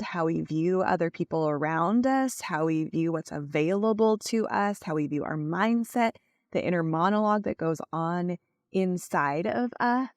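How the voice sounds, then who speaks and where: A woman with a fairly low voice talks as a podcast host, coaching her listeners and checking that they follow her points. She fills her talk with "like" and speaks close to the mic in a dry room. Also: gravelly, no echo. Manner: uses many "like" fillers. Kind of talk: solo podcast teaching.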